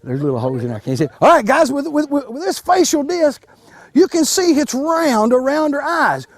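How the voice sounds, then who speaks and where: Folksy, animated man teaching kids. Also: extremely high pitch, normal speed, no echo. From Kentucky. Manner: folksy, animated, repeats and restarts words with many fillers. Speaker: wildlife extension educator. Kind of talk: live outdoor demonstration to children.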